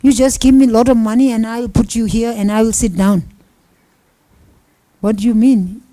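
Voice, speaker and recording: A woman teaching Buddhism through personal stories, her voice fairly high yet mellow and warm. She speaks in simple non-native English and plays out each quoted exchange as she tells it. The sound is close and dry. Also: fairly even intonation, normal speed, dry recording, low-quality recording. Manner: storytelling with acted-out quoted dialogue. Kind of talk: dharma talk with personal stories.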